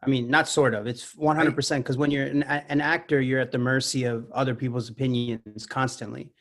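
A man's voice: mid-range voice, flat delivery, brisk, fairly bright tone. A man in his thirties, an actor and musician, talking as a guest in a casual podcast chat, reflective and earnest as he builds long thoughts. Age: 30s.

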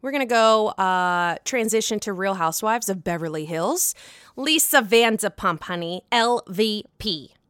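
A young woman hosting a casual gossip podcast, excitable, gushing and swearing freely. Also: mid-range voice, unhurried, clean tone, no echo, clean studio sound. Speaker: podcast host.

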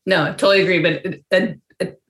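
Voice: mid-range voice, fairly even intonation, fast talker, vocal fry, fairly bright tone. A podcast co-host chatting casually and agreeably, with a heavy use of "like.". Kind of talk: casual chat.

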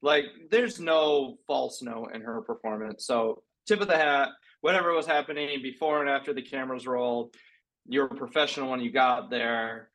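Measured man giving his take. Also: mid-range voice, a bit bright, low-quality recording. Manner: measured, weighs his words and corrects himself. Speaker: podcast guest, writer-producer. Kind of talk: casual chat.

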